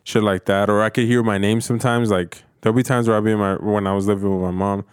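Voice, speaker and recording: A man's voice: on the low side, steady tone, quick pace, clean tone, no room sound, clean studio sound. A man in casual, profane chat, rambling through stories with lots of fillers.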